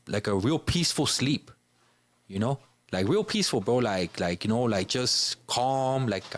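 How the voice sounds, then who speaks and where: A man from Chicago, a podcast guest, telling a personal story in a casual, informal way, filling his speech with "you know" and "bro". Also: lowish voice.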